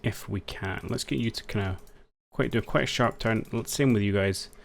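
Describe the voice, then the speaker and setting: A man's voice: fairly low pitch, normal speed, gravelly, a little hiss or hum. A man giving casual, thinking-aloud commentary over a strategy game, wry and understated as he plays. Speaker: strategy game let's-player.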